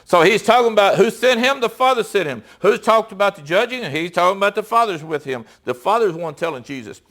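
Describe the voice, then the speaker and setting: High-voiced man preaching conversationally. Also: lively intonation, fairly bright tone. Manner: conversational, reads scripture aloud with pauses and self-corrections. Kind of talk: sermon.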